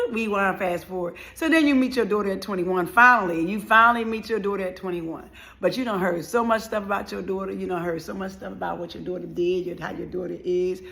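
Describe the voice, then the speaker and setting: Gravelly-voiced woman telling her story. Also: medium pitch. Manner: emotional, animated, acts out quoted voices. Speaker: motivational speaker. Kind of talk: personal storytelling monologue.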